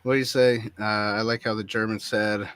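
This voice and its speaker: A man's voice: fairly low pitch, level tone, normal speed, a bit bright, clear, resonant tone. A man co-hosting a casual movie review chat, who laughs often and acts out lines from the film. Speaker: co-host of a movie review show.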